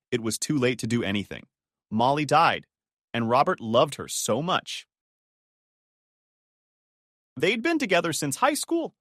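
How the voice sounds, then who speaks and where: A man reading out a dramatic story, his pitch rising and falling a lot as he tells it. it is recorded close to the mic and sounds very dry, with no room around it. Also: fairly bright tone, dry recording. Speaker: narrator. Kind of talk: scripted story narration.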